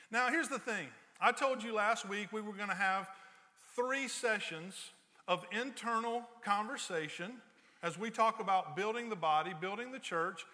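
A pastor with a high, bright, forceful voice preaches a conversational sermon in a church, spinning everyday stories with jokes and playful sarcasm. A long reverb from the sanctuary carries his words.

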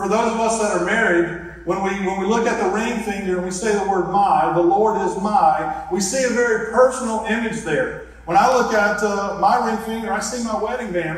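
A man preaching a sermon as pastor, earnest and reflective, guiding his listeners through a simple hand gesture exercise. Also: high voice. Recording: echoey hall from far off.

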